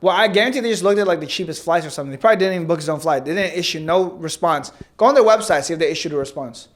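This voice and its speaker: A man's voice: on the high side, rapid-fire. A young man with a raised, light voice riffs through a casual podcast chat. He swears freely and keeps breaking into laughter. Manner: loose, profane, laughing banter. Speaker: podcast co-host.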